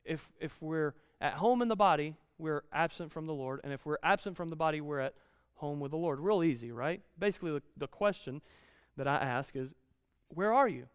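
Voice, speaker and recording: A man's voice: fairly high pitch, fairly quick, smooth, no room sound, clean studio sound, long reverb tail. A man in his thirties preaching a conversational sermon, repeating key lines and rising in volume when he reads scripture.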